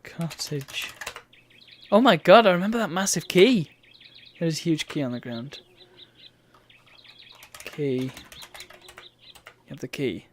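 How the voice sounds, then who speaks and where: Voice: medium pitch, slow, pauses often, a little hiss or hum. A streamer giving wry, bemused commentary while reading a game's text aloud. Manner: wry, bemused asides between read-out lines.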